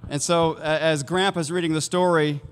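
Here the preacher's fairly high voice comes across smooth and steady at a normal speed, trailing a long reverb through the sanctuary. He speaks casually during the sermon and keeps questioning his listeners.

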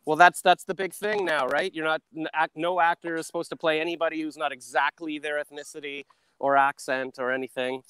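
Man, comedian guest, high voice; rambling, self-deprecating, loose. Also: level tone, fairly quick, bright, forceful tone, clear, resonant tone, no echo. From Canada. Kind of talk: riffing comedic chat on a video call. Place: outdoors walking in a park. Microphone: phone on a video call.

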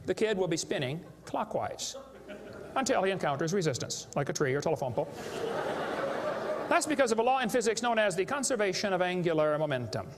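A man's voice: sits high, big pitch swings, fairly quick. A man giving a live seminar lecture to an audience, joking and emphatic as he plays to the crowd. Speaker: creationist speaker. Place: large hall with a live audience. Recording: echoey hall with faint background noise.

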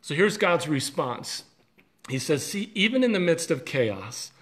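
A man with a slightly high voice gives a devotional talk as a pastor. He speaks earnestly and conversationally, sometimes restarting a phrase. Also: big pitch swings, unhurried.

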